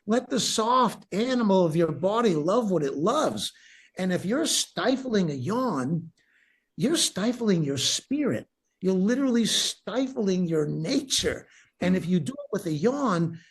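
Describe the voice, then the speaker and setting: Animated husky-voiced man teaching. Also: sits high. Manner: animated, enthusiastic, laughs often, restarts sentences. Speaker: breathwork teacher, podcast guest. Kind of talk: casual interview talk.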